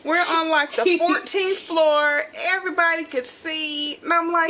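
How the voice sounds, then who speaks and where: A middle-aged woman hosting a home channel, telling family stories in casual chat and acting out the quotes loudly. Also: high voice, a little slow, few pauses, background noise. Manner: animated storyteller, acts out quotes loudly. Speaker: channel host.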